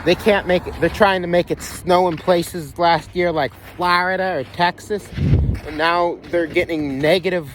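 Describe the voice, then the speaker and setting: A man with a somewhat high voice delivers a rambling, swear-filled monologue, circling back and restarting his sentences. He records himself outdoors on a phone, with faint traffic noise underneath. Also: fairly even intonation, normal speed. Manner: rambling, profane, repetitive restarts. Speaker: vlogger. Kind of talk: conspiracy monologue.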